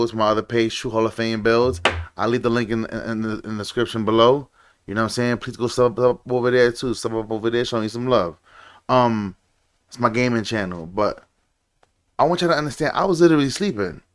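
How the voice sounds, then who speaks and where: A man's voice: medium pitch, fairly quick. A young man hosting a reaction video, ranting casually and swearing often.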